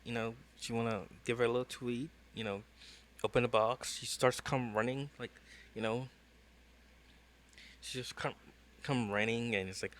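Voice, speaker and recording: A man with a lowish voice talks through a reaction video in loose, casual chat. He rambles, circles back, and leans heavily on fillers as he thinks out loud. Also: fairly even intonation, normal speed, long pauses. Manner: rambling, with many fillers and laughs.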